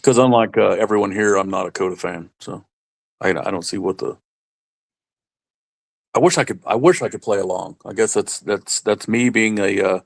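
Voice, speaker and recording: A man co-hosting a casual live-stream chat, rambling and halting with many fillers and restarts. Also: on the low side, creaky. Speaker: stream co-host.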